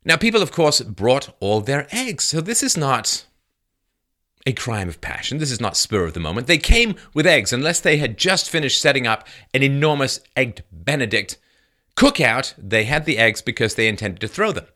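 A man's voice: mid-range voice, sing-song, moderate pace, bright, forceful tone. A man delivering an emphatic, sarcastic political commentary monologue.

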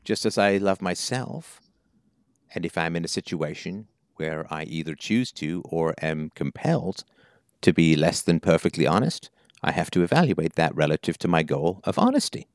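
A man's voice: deep voice, lively intonation, moderate pace, dry recording, clean studio sound. A man hosting a call-in advice show, questioning a caller bluntly and emphatically. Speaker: call-in show host, philosopher.

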